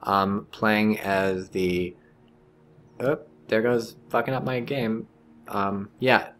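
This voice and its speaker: A man's voice: lowish voice, steady tone, slow pace, a bit bright, a little hiss or hum. A man casually commentating a strategy game match, rambling and joking, swearing freely as he goes. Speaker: game shoutcaster.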